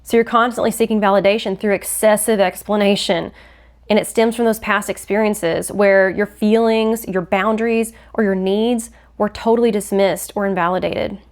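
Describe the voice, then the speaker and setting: A woman hosting a faith-based podcast, teaching in an earnest, explanatory way and acting out quoted phrases. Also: mid-range voice. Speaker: podcast host.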